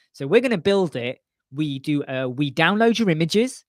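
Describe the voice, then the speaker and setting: A man hosting a casual live web chat about web design, talking in an animated way and repeating his points for emphasis. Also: fairly high pitch, moderate pace, no room sound, studio quality. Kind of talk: casual live-stream chat answering viewers. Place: small home studio room with soundproof panels.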